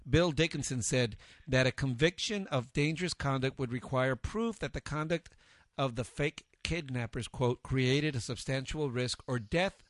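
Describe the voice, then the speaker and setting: A man's voice: mid-range voice, normal speed, dry recording, clean studio sound. A middle-aged man co-hosting a radio talk show, laid-back and casual, often calling people dude. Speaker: co-host.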